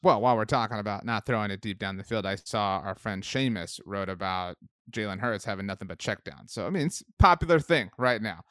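A man's voice: fairly low pitch, expressive, brisk, a bit bright, clean tone, dry recording, clean studio sound. A man co-hosting a podcast, chatting casually about football with easy laughs and rambling asides. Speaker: podcast co-host. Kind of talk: casual sports chat.

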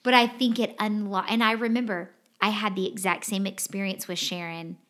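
A woman's voice: medium pitch, fairly even intonation, normal speed, fairly bright tone. Earnest, emphatic woman co-host. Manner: earnest and emphatic, repeats key phrases. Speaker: podcast co-host. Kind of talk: casual heartfelt conversation.

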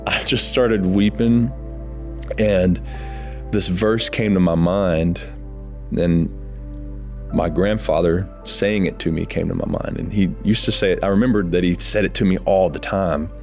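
Deep gravelly man telling his testimony. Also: steady tone, soft background music. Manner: earnest, emotional, halting with frequent "like". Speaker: guest sharing his testimony. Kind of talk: personal testimony storytelling.

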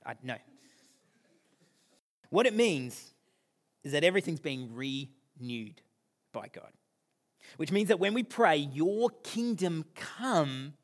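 A man in his thirties preaching a sermon in a fairly high voice. He is animated, pushing some points out loud and dropping others to a near-whisper. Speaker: pastor.

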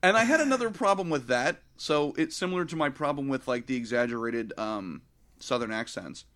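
A man's voice: mid-range voice, brisk. A man co-hosting a casual movie review chat, retelling scenes with swearing and acted-out voices. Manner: animated, profane, acts out scenes in mock voices. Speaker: podcast co-host.

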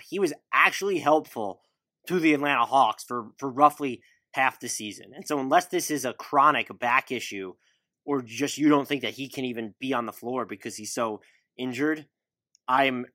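A man hosting a casual sports podcast, talking in an animated way and firing off questions. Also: mid-range voice, dry recording. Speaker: podcast host.

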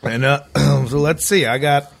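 A comedian and podcast co-host telling tour stories in a casual chat, rambling and stop-start, with quick put-on voices. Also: male voice, on the high side, gravelly, no room sound. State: nursing tendonitis, ice packs on.

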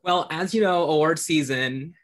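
A man's voice: a little high, normal speed, a bit bright. A man from Orlando co-hosting a podcast, reading park news with enthusiasm and easy laughter. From Orlando, Florida. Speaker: podcast co-host. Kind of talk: casual podcast news chat.

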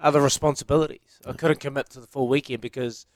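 A man's voice: medium pitch, fairly even intonation, fast talker, dry recording. A man co-hosting a radio show, telling a rambling, self-proud story in casual banter. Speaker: radio co-host.

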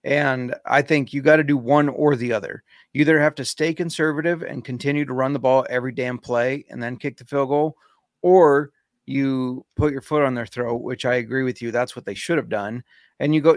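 A male podcast co-host in casual chat who argues his opinions in a measured way, with some casual swearing. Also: mid-range voice, no echo, studio quality.

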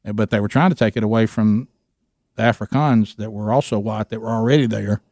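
A man, telling a rambling, animated story in casual chat, with many restarts. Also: lowish voice, brisk, dry recording, clean studio sound.

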